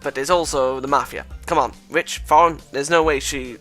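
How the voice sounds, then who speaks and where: A man's voice: mid-range voice, moderate pace, a bit bright, faint music behind, lightly acted. Welsh man reading a paranoid rambling schoolboy. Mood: conspiratorial. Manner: rambling, conspiratorial, stumbling over words. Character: paranoid conspiracy-minded schoolboy, blustering.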